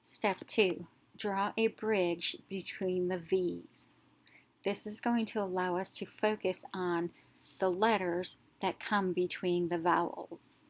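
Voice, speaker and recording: Slow, clear woman teaching reading. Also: fairly low pitch, fairly even intonation. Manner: slow, clear, step-by-step explaining, sounding out letters. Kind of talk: scripted narration of a reading lesson.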